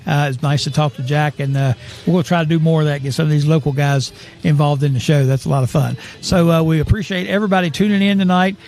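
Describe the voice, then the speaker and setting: A man hosts a relaxed local sports talk show. His voice sits a little high for a man, and he rambles and chuckles through stories about former players. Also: quick pace. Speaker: host.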